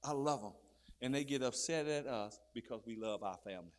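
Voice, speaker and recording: Briskly and with fire, a man preaches a sermon that rises from murmurs to loud shouted peaks. He calls out to his listeners again and again with questions.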